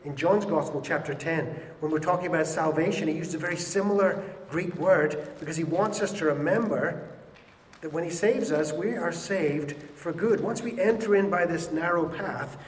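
Male pastor, emphatic sermon delivery, slightly high voice, long hall reverb with faint room noise. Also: moderate pace. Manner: emphatic, repeats words for stress. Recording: echoey hall with faint ambience.

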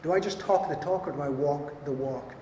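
A man's voice: a little high, a little fast, warm tone, slight background noise. A man preaching a sermon, earnest and emphatic, often repeating his points. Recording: echoey hall with long reverb.

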